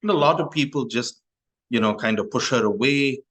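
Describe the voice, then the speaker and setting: A man's voice: medium pitch, fairly quick, a bit bright, rough recording. A male Buddhist monk telling a story in a Dharma talk, talking in a loose, conversational way with restarts and asides.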